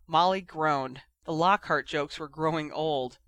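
A man narrates a story with a steady, even delivery. His voice is bright and a little high, recorded close and dry with no room echo. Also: unhurried, few pauses. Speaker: audiobook reader.

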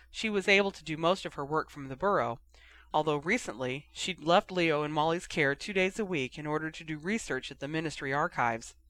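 A man reading a story aloud as narrator in a steady, even manner. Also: a little high. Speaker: audiobook reader.

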